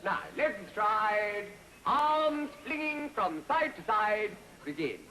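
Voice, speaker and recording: A bossy exercise instructor. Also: male voice, high-pitched, lively intonation, slow pace, heavily acted, rough recording. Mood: commanding. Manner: barking drill commands. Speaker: film clip character. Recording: old film soundtrack with loud music.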